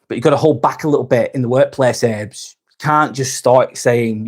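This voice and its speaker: A man in his forties talks at a middling pitch on a live vlog. He rambles candidly from one thought to the next, with swearing scattered all through the chat. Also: normal speed, darkish tone. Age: 40s. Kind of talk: casual live-stream chat.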